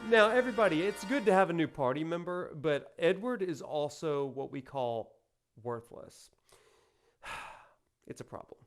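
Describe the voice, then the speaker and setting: A man's voice: fairly high pitch, expressive, moderate pace, soft background music. Man joking through a game playthrough. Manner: playful, joking asides. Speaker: game streamer. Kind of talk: let's play commentary.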